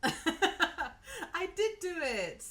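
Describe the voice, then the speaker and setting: A woman's voice: very high voice, sing-song, drawn-out words, bright, forceful tone. A woman hosting a live cooking stream from her home kitchen, chatting casually and giggling as she talks through each step.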